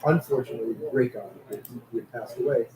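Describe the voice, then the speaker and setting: A man with a New York accent, co-hosting a casual chat and telling animated stories. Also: medium pitch, fast. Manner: storytelling, animated anecdotes. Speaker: podcast co-host. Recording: echoey room with faint background hiss.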